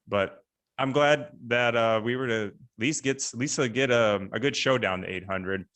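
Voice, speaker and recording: A young man hosting a casual podcast interview over a video call, relaxed and halting, with many fillers. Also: mid-range voice. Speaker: podcast host.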